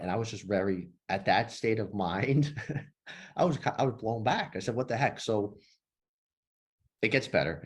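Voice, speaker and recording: A man in his thirties, a former police officer, telling his story in a podcast interview in a lively, profane way, acting out the dialogue. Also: low voice. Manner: animated, profane, acts out dialogue. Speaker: guest, nonprofit founder and former police officer.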